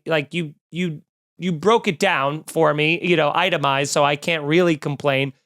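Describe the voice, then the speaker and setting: Snarky man ranting, smooth clear voice. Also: fairly high pitch, normal speed. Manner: snarky, animated, mocking voices in quotes. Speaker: comedian podcast host. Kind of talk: comedic rant.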